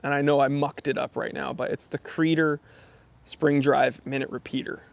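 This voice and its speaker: A man hosting a casual live-stream Q&A, reading viewer comments and joking around in an animated way. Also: mid-range voice, moderate pace, vocal fry. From Los Angeles area. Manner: joking, animated, self-deprecating banter. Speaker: YouTube channel host doing a live stream Q&A.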